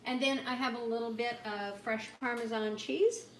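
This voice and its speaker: A middle-aged woman giving a chatty, upbeat cooking demonstration and product pitch, talking straight to her viewers from a home kitchen. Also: fairly even intonation, normal speed, echoey room, recorded from a distance, very noisy. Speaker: cooking demonstrator and sales consultant.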